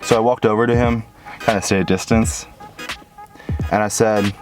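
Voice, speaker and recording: A man telling personal stories in a reflective vlog, earnest, moving between calm musing and bursts of excitement, recorded outdoors in a park. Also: lowish voice, normal speed. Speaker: vlogger. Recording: music playing over the voice.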